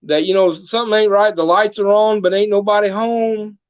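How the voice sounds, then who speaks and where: A man's voice: sits high, fairly even intonation, fairly quick, smooth, highs cut off. A man telling a comedic folksy story as a guest, drawling and full of country sayings.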